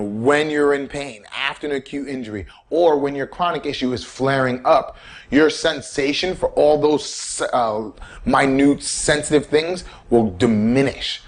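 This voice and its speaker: A man giving casual, animated self-care advice, repeating key points and coaching the listener. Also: medium pitch. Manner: animated, repetitive coaching, acts out quoted inner voices. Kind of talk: casual instructional talk.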